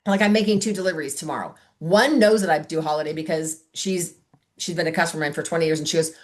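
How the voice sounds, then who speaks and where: A woman's voice: sits low, quick pace. A middle-aged woman on a video call, chatting casually as she coaches a sales team and acts out talks with customers.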